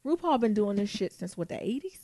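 A woman co-hosting a podcast, chatting casually in an animated, swearing, playful and teasing way. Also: mid-range voice, a little fast, a little hiss or hum. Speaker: podcast co-host. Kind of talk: casual chat.

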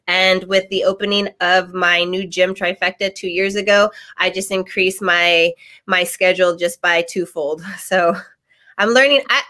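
Bright-voiced woman athlete being interviewed; cheerful, relaxed, laughs easily. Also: mid-range voice. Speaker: professional fighter and teacher. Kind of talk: casual interview.

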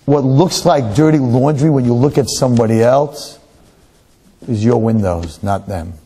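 A middle-aged man, a rabbi, delivering a sermon with stories in an emphatic, animated preaching manner. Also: mid-range voice, a little slow, husky. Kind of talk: sermon with storytelling.

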